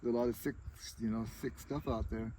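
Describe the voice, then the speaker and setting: A man's voice: medium pitch, fairly even intonation, a little fast, warm tone, a little hiss or hum, poor audio. A middle-aged man talking through personal stories in a casual interview, rambling and dropping "you know" again and again. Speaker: tribal chair candidate.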